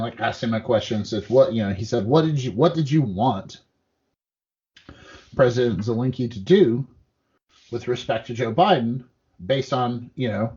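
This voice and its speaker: A man rambles through politics on a podcast, swearing freely and acting out quotes as he goes. His voice sits at an ordinary pitch. The recording is a little dull and muffled. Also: a little mellow. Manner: profane, rambling, acts out quotes. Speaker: podcast co-host. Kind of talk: casual political chat.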